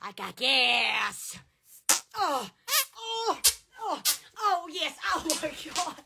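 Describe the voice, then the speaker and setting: Woman, very high voice, giggly, exclamatory livestream chatter, swooping lively pitch. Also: extremely slow, vocal fry, heavy background noise. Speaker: livestream host. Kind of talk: casual Instagram livestream chat.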